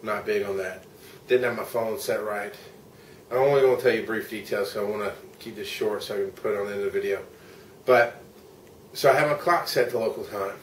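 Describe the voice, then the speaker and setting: Speaking a little fast in a fairly low voice, this weary middle-aged man from the US, a vlogger and podcaster, recaps his day in a loose, honest travel vlog, cursing when things annoy him. Slight background noise, a roomy echo, and faint ambience come through a distant mic.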